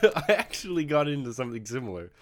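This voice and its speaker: A man's voice: mid-range voice, fast talker, slight background noise. A young man casually telling a story about his job to a friend, laughing now and then. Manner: laughs while telling, relaxed. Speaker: friend, steel-company worker.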